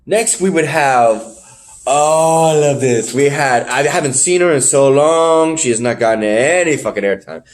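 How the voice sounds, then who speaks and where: A man co-hosting a podcast, recapping wrestling shows in casual chat, animated and swearing freely. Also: moderate pace, few pauses. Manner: animated, swearing, jumps in pitch when surprised. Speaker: podcast co-host.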